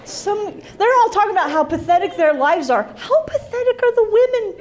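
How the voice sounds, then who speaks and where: A woman's voice: extremely high pitch, expressive, fairly quick. A woman doing a stand-up comedy set in a club, teasing the crowd and making fun of herself. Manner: self-deprecating, teasing the crowd. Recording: loud crowd laughter and bar noise.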